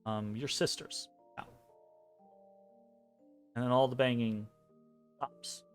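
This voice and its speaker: Slow, smooth-voiced man narrating a game. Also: medium pitch, fairly even intonation. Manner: measured, hesitant, pausing between phrases. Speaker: game master. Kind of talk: slow narration of a tabletop game dream scene. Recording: soft music behind.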